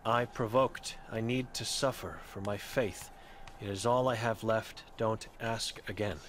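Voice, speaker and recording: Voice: mid-range voice, fairly even intonation, unhurried, fairly bright tone, a little hiss or hum, natural voice. A game voice actor playing an old blind, mute woman who speaks in grim, clipped fragments. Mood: guilt-ridden. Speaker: game character.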